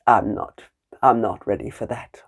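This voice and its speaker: A woman's voice: rumbling low, steady tone, measured pace, slightly rough, pitched below the performer's own voice, exaggerated voice. A woman voicing a worried farmyard rooster who fears ending up in the soup, in a plaintive storytelling voice.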